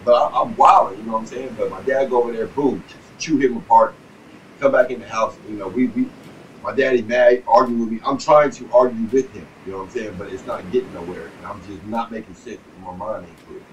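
Guy spinning a long, cussing story, loud then mumbling, recorded a bit far off with light hiss. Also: fairly even intonation, fairly quick, lo-fi sound. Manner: profane, rambling, peppered with "you know what I'm saying"; swings between loud bursts and low muttering. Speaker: vlogger telling a life story. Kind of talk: casual storytelling monologue. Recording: distant mic with faint background noise.

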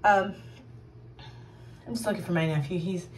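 A woman's voice: lowish voice, moderate pace, slight background noise, voice pushed down, lightly acted. A woman doing a stammering nervous young man. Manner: stammering, apologetic.

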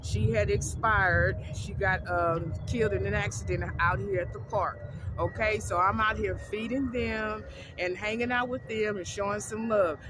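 A woman's voice: medium pitch, steady tone, moderate pace, background noise. A woman with a Southern accent vlogging casually about cooking for the homeless, folksy and full of "honey" and "I bet you". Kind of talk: casual vlog to camera. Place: outdoors in a park.

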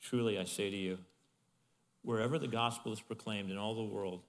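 A male pastor giving a sermon in a conversational, animated way, with asides to the congregation. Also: lowish voice, a little fast, big-room sound. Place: church in Arizona.

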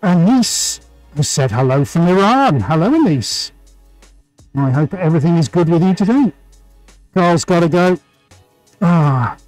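A chatty man talks viewers through his painting on a live stream. His voice sits a little high, he laughs easily and reads out greetings by name. Soft music plays in the background. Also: animated, measured pace, pauses often, no echo, poor audio. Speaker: livestream painting host.

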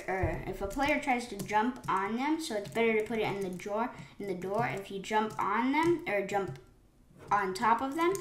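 A woman commenting live on her gameplay, excitable, with sudden gasps and rambling restarts. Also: mid-range voice, slight background noise. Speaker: gaming channel host. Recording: roomy echo with faint keyboard clicks.

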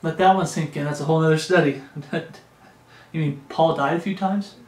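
A male pastor preaching a sermon and reading scripture aloud, talking emphatically and slowing down to stress key phrases. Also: fairly high pitch, steady tone, a little mellow. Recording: echoey room.

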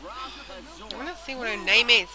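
A woman's voice: on the high side, measured pace, bright, forceful tone. A young woman casually commenting on a video game, chatting aloud and talking to the characters. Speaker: let's play host. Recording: noisy home recording.

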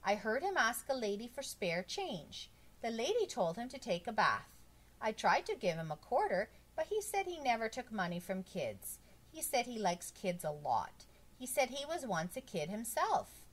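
A woman's voice: on the high side, sing-song, normal speed, voice pushed up. A woman voicing an earnest little schoolgirl in a storybook reading, speaking eagerly. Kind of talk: storybook read-aloud.

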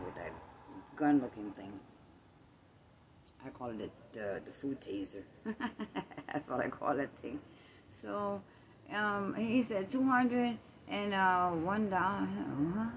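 A woman with a fairly low voice talks into her phone as she walks her neighborhood at night. She tells her story in a chatty, animated way, acting out both sides of the conversation. A steady outdoor noise runs under the whole recording. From Puerto Rico. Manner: chatty, animated retelling with quoted exchanges. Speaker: vlogger. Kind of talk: casual storytelling while walking.

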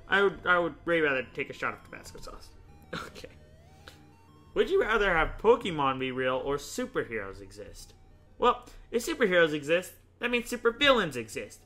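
Bright-voiced young man rambling casually. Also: fairly high pitch. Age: young adult. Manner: rambling, chatty, laughs often, thinks out loud. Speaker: YouTube host playing a choice game. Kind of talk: casual gaming commentary.

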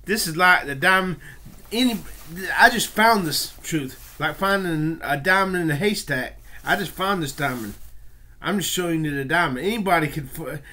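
Loud, bright-voiced ranting man. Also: high-pitched, animated, a little slow. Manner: profane, confrontational, swings from muttering to yelling. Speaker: video blogger. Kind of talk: angry rant to camera.

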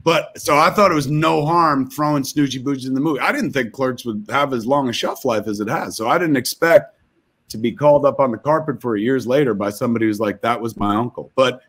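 A man's voice: mid-range voice, a little fast, fairly bright tone. A man telling a rambling, profane comic story over a video call.

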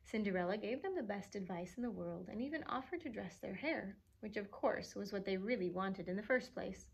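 A woman librarian reading a storybook aloud to children, expressive and animated, pausing to chuckle at the pictures. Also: mid-range voice, creaky, husky.

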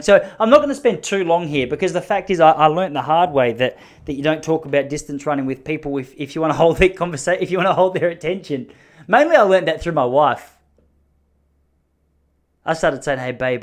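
Rambling man hosting a podcast. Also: on the high side. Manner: rambling, self-mocking, jokey asides. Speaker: podcast host. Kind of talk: solo podcast monologue.

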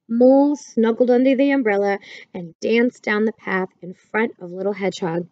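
A woman reading a children's picture book aloud in a gentle, clear storytelling manner. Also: a little high, normal speed, no echo, muffled recording.

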